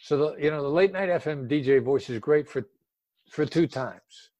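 A man's voice: on the high side, moderate pace, a little mellow, no echo, muffled recording. An older man speaking as an expert guest in a casual interview, emphatic and drawing out words for stress.

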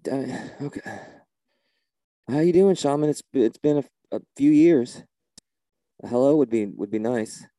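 A man's voice: mid-range voice, animated, moderate pace, mellow, no room sound. A man leading a church service in a comedy sketch, talking in an exasperated, flustered way and often repeating himself.

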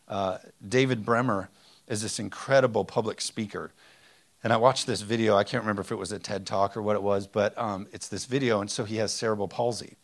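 Gravelly-voiced man preaching with energy. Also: on the low side, fairly quick. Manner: energetic, conversational preaching with rhetorical questions. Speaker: pastor. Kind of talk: sermon.

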